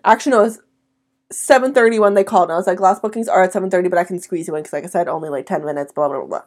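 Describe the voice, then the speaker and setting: A woman's voice: on the low side, very fast, darkish tone. Blunt young woman in casual chat. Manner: blunt, profane, laughs often. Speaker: podcast co-host.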